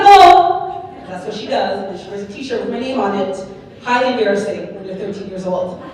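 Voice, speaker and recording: A woman giving a keynote speech, telling her story in a lively way and often checking in with the audience. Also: mid-range voice, slight background noise. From Canada. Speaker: keynote speaker. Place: large hall before an audience. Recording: echoey hall, mic far off.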